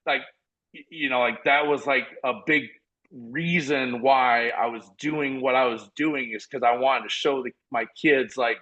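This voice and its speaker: A man in his forties from South Dakota, a podcast guest telling stories in an energetic, earnest, rambling way full of restarts. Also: mid-range voice, unhurried, muffled recording. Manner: earnest, motivational. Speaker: podcast guest, former college football walk-on. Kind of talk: casual conversational storytelling.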